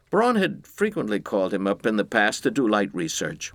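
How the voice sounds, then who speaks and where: A man reading a comic story aloud in scripted narration with a deadpan, expressive delivery. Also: fairly low pitch, moderate pace, no room sound.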